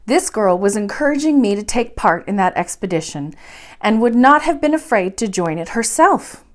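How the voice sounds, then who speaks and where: Expressive woman reading a bedtime story. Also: mid-range voice. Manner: expressive, measured narration. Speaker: library storyteller.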